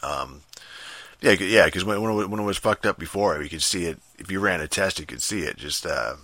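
A young man rants on his podcast in a very deep but bright, forceful voice. He rambles and swears constantly, circling back with fillers and restarts. The sound is dry and close, with no room around it. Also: animated, brisk, no room sound. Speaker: podcast host. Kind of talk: casual rant.

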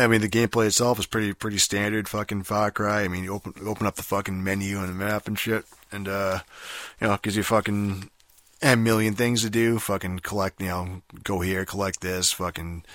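A man's voice: sits low, fairly bright tone, no echo. A young man hosting a podcast, rambling through a casual game review with constant swearing and lots of fillers. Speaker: podcast host.

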